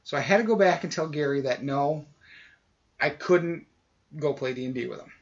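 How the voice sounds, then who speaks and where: Over dull lo-fi audio, a man co-hosting a podcast spins a lengthy, relaxed story. His pitch is fairly high and his pace moderate, and he livens the anecdote by performing what others said.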